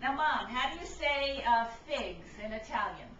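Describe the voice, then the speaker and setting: A chatty middle-aged Brooklyn woman demonstrates a recipe in her home kitchen, her fairly high, slightly bright voice animated at normal speed and dropping in an "okay?" every few lines. A camcorder mic across the room makes her sound roomy, distant, a bit muffled and echoey, with faint noise underneath.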